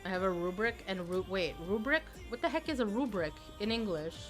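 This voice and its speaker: A woman's voice: medium pitch, animated, fairly quick, soft background music. A woman streamer chatting casually and playfully with her viewers. She sounds a little tired and often repeats words as she restarts.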